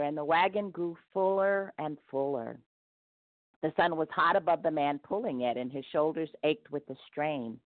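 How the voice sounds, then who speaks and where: A woman narrating a devotional story aloud in an expressive read-aloud manner. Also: deep voice, no room sound. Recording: tinny phone-like dry sound.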